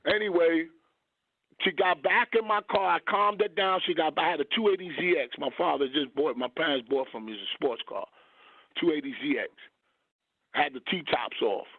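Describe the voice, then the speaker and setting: A man's voice: fairly high pitch, moderate pace, dry recording. Man telling a story on a phone-thin radio line. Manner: rambling, searches for words with long ums. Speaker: radio show host. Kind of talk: casual radio talk, storytelling. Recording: dry phone-like radio audio.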